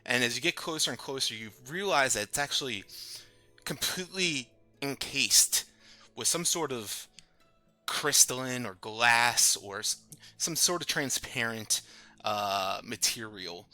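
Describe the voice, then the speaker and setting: A man narrating a tabletop game as game master, describing scenes with frequent pauses and fillers. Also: medium pitch, expressive, pushed and bright, no echo, faint music behind.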